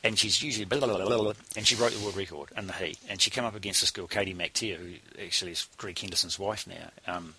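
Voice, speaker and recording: A man's voice: sits low, fast, hardly any pauses, bright, forceful tone, slight background noise. A man, a cycling coach telling a blunt, salty story in casual conversation.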